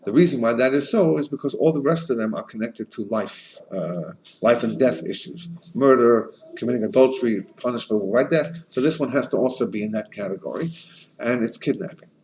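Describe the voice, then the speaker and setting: A man, a rabbi, giving a Torah class in an animated storytelling manner with frequent restarts. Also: mid-range voice, fairly quick, slight background noise.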